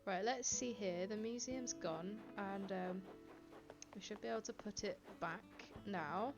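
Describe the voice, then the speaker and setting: A woman's voice: medium pitch, measured pace, over music. A woman chatting casually to her live-stream chat from home, laughing often and reading viewers' comments aloud. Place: home, indoors. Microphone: desk microphone.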